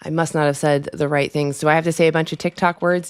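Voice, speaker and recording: A woman's voice: low-pitched, little pitch movement, fast talker, few pauses, smooth. A woman hosting a casual live stream at her desk at home, rambling with lots of fillers and chatty asides.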